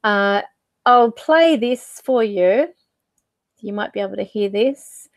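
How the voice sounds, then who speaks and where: A woman's voice: medium pitch, animated, slow pace, no room sound. A woman hosting her own channel, talking casually to camera as a psychic medium, rambling and searching for words with fillers. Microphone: desk mic.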